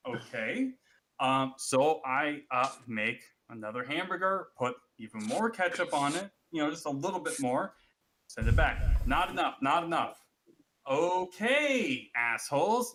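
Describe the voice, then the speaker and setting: A man's voice: on the high side, lively intonation, unhurried, sharp tone, a little hiss or hum. A man in a casual group chat, telling a long rambling story full of swearing and restarts.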